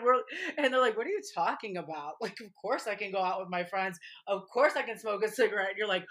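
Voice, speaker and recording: A woman's voice: medium pitch, sing-song, fairly quick, sharp tone. A woman guest in casual interview chat, talking in a chatty way, laughing often and acting out quotes. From Michigan, USA.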